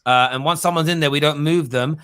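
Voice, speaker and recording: Fast-talking man hosting a football debate. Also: on the high side, fairly bright tone, clear, resonant tone, dry recording. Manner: quick, thinks aloud, changes his mind. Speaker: show host. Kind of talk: live-stream football debate.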